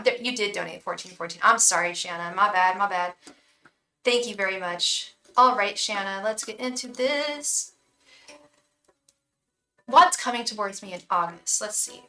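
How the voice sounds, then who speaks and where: Bright-voiced woman tarot reader, far from mic. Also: a little high, a little hiss or hum. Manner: chatty, thanks donors by name, chants invocations to spirit guides. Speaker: tarot reader and psychic on a live stream. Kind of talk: casual live-stream chat with viewers.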